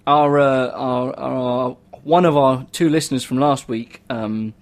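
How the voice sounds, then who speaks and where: A man's voice: mid-range voice, steady tone, unhurried. A man co-hosting a casual chat show, talking hesitantly with many fillers. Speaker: co-host.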